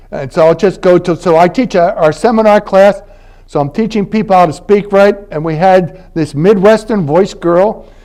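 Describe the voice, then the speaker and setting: Older man lecturing, conversational and lively. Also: high-pitched. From Philadelphia, United States. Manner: conversational, anecdotal, laughs between points. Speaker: university professor giving a lecture. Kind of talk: academic lecture. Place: university library event space.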